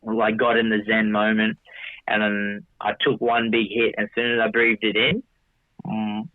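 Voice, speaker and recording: A man's voice: on the low side, completely flat delivery, moderate pace, dry recording. A man telling a long story casually, with many restarts, swearing, and quoting himself in dialogue. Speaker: podcast guest. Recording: dry tinny phone-like audio.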